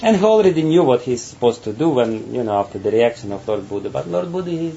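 A man giving a spiritual talk and telling a parable. He speaks haltingly, repeats words, and often breaks into laughter. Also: medium pitch, very animated, vocal fry, dark tone. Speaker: spiritual teacher. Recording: dull, faint background noise.

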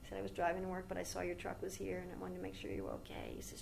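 A woman's voice: lowish voice, level tone, fast, vocal fry, noisy background. A woman giving a devotional talk as a spiritual teacher, telling a long story in a rambling, conversational way with asides to her listeners.

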